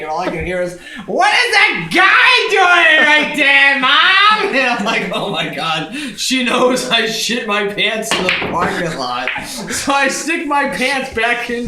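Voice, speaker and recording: A young man telling a crude comic story, rambling and laughing through it. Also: sits high. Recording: echoey room with crowd chatter.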